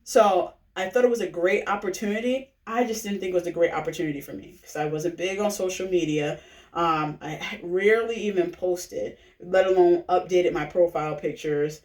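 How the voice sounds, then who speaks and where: A woman shares her personal story in a loose, conversational way, leaning on fillers and quick check-ins with her listeners. Her voice sits at a distance from the mic. It bounces around a reverberant room. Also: lowish voice, a little mellow. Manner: chatty, filler-heavy, keeps asking "right?". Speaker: direct-sales recruiter sharing her testimonial. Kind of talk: casual personal testimonial pitch.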